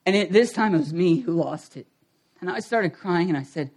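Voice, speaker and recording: A man's voice: high-pitched, normal speed. A middle-aged male pastor telling a personal story in a sermon, acting out the voices of people in it. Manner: animated, acts out quoted voices.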